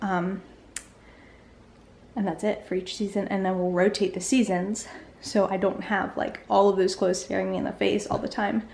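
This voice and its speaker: A woman's voice: medium pitch, level tone, normal speed, gravelly, darkish tone, echoey room. A young woman and mother giving a casual home-tour vlog, chatty with lots of "um" and "like". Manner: chatty, filler-heavy with frequent "um" and "like". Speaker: vlogger, mother. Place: home playroom.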